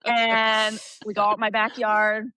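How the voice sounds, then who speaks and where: A woman guest on a podcast, talking candidly with frank swearing and lively storytelling. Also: fairly high pitch, a little slow, clean tone, no room sound. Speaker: guest, energy practitioner. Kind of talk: casual podcast conversation.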